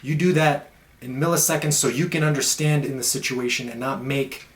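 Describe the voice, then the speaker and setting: A man's voice: medium pitch, a little fast. Blunt, profane man in an echoey room. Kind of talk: casual monologue.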